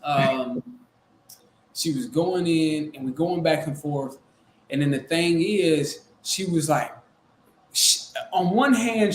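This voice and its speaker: A man casually recounting a business deal and acting out the quotes in an animated way. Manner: animated, acts out quotes in a high excited voice. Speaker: real estate wholesaler. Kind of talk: casual storytelling chat. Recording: echoey room with faint noise.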